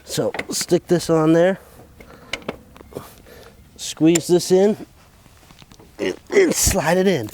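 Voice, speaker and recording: A man's voice: a little high, slow pace, pauses often, darkish tone. Man, farm vlog host, muttering and swearing through tractor work outdoors, noisy background. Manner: profane, joking, muttering to himself. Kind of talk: casual narrated self-talk while working.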